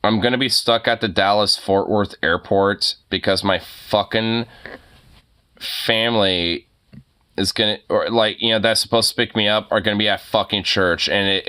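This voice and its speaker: A man's voice: fairly low pitch, steady tone, moderate pace, sharp tone, clean tone. A young man streaming, ranting in casual chat, swearing a lot and laughing often.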